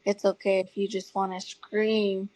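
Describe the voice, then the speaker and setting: A woman in her thirties telling her story as an interview guest, earnest and tearful at times, with soft laughs. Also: mid-range voice, little pitch movement, a little slow, dry recording, low-quality recording. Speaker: guest parent advocate. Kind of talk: emotional personal storytelling.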